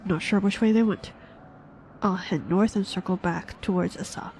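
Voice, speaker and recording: A woman reading the lines of a gruff, curt young male dark knight in a game. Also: medium pitch, fairly even intonation, moderate pace, slight background noise, lightly acted.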